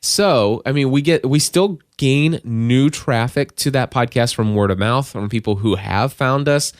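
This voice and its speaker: A man's voice: medium pitch, a little slow, no echo, clean studio sound. A middle-aged man hosting a podcast, giving casual advice in a rambling way, with frequent restarts and bursts of emphasis. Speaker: podcast host and coach.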